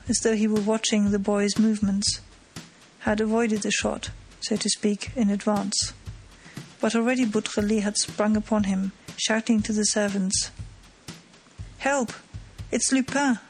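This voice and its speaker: A woman narrating an audiobook in a steady, measured way. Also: mid-range voice, poor audio.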